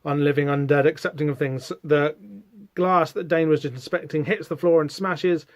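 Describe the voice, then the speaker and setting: A man's voice: a little high, fairly even intonation, normal speed, no echo. A man hosting a podcast, casually walking through a comic book and reading its lines aloud with many fillers. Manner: chatty, reads quotes aloud with hesitant fillers. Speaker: podcast host.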